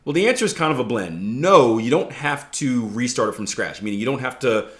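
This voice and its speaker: A male trading coach talking straight into a podcast mic in an easygoing, conversational way. His voice sits at an ordinary middle pitch, and he keeps checking in with the listener, dropping in little jokes as he explains. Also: lively intonation, a little fast. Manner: conversational, jokey asides, frequent "right?" checks. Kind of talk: casual instructional podcast talk.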